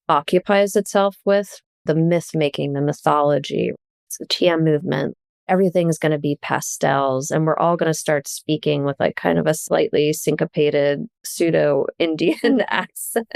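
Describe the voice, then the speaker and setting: A woman, a journalist and author, talking as a podcast guest in a casual, animated way, often laughing as she tells stories. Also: low voice, vocal fry, clear, resonant tone, no echo, studio quality.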